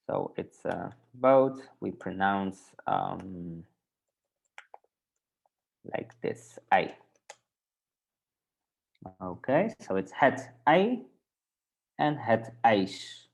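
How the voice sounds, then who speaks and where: Slow gravelly Dutch-accented male teacher. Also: sits low, very animated. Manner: patient, repeats words slowly for learners. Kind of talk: online language class.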